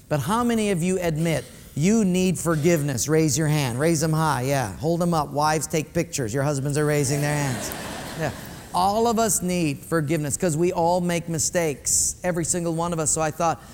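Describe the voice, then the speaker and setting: A man's voice: fairly high pitch, moderate pace, darkish tone. A male pastor preaching a sermon in a conversational way, speaking directly to his congregation in a church sanctuary. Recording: echoey hall.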